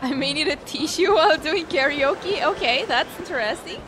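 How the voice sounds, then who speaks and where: A woman streaming a video game, chatting and reacting with excitement. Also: high voice, normal speed, noisy background. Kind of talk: casual gameplay commentary.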